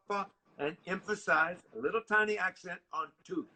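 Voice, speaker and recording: A man's voice: high-pitched, moderate pace, background noise. An older man coaching a horn player over a video call in a masterclass, singing rhythms in scat syllables. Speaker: horn teacher.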